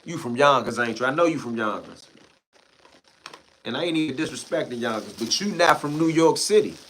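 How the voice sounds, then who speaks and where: On his livestream, a man from Washington, D.C., talks back to chat in a D.C. accent, ranting in heated, blunt, profane street talk. He's expressive, a little fast, medium-pitched and a bit bright, with a little hiss or hum in the audio.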